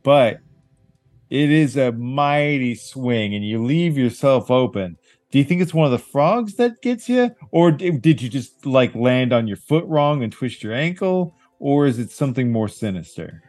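A man's voice: medium pitch, big pitch swings, unhurried, a little mellow, no room sound. A man running a tabletop game as game master, vividly setting scenes and encouraging the players.

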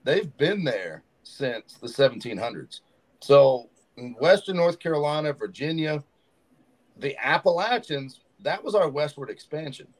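A man's voice: fairly high pitch, unhurried. A man in a podcast studio spins yarns about backcountry fishing, slipping into the voices of the people he meets along the way. His tone is casual and his talk rambles like easy chat. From Southern United States. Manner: animated storyteller who acts out quoted locals. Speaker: fishing guide.

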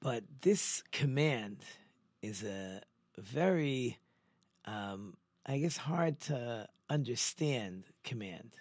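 A man's voice: lively intonation, extremely slow, dry recording. Conversational male rabbi, dry sound. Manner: storytelling, with frequent "right?" asides to listeners; drops into quieter, lower asides. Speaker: rabbi hosting a Torah talk show. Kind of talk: conversational Torah teaching.

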